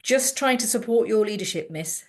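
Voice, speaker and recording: A woman voicing a cheeky schoolboy who gives brisk mock orders like a team leader. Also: a little high, lively intonation, lightly acted. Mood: bossy.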